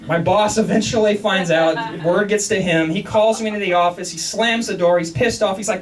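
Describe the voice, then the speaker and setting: A man from Texas doing a stand-up comedy set in a club, self-mocking and animated, often repeating words as he starts a sentence. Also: high-pitched, brisk, hardly any pauses, distant mic, poor audio. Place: comedy club basement, live audience.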